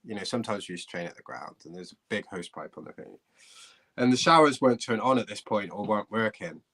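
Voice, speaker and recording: A former footballer, a man, telling a lively anecdote as a guest on a live podcast, laughing often. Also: on the low side, quick pace, poor audio. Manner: animated, laughing storyteller. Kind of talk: storytelling.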